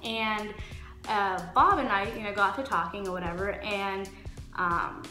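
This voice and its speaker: A young woman in her twenties telling a casual story-time vlog, animated and acting out the quotes. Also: medium pitch, unhurried. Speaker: vlogger. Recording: echoey room with faint music.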